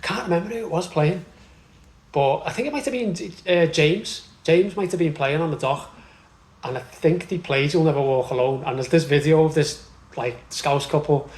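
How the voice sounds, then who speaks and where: A man with a Liverpool accent chatting casually about football as a podcast co-host, ranting and swearing with animated laughter. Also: a little high, moderate pace, echoey room, rough recording.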